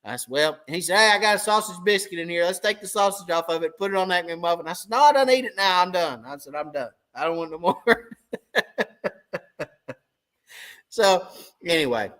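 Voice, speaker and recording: A man who hosts a fishing channel tells a long story on a live stream and plays both sides of every exchange himself. His voice sits a little high for a man. It has a sharp, bright edge. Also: quick pace. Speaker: tournament crappie angler and channel host.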